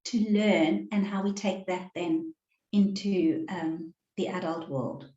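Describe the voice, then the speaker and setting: A woman relationships coach giving an online workshop presentation in a measured, deliberate way over a video call. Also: fairly low pitch, fairly even intonation, warm tone. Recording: roomy, slightly dull sound.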